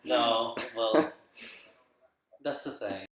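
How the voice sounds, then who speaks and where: A man's voice: medium pitch, drawn-out words, echoey room, a loud crowd, rough recording. A young man visiting as a guest on a casual livestream, playful and joking, laughing easily. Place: bedroom at home.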